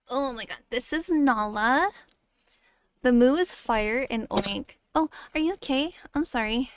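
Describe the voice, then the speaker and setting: A woman's voice: sits high, expressive, measured pace, pauses often. A woman streaming casually, chatting and laughing, reacting to clips and talking sweetly to her dogs. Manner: chatty, talks baby-talk to her dogs, laughs often.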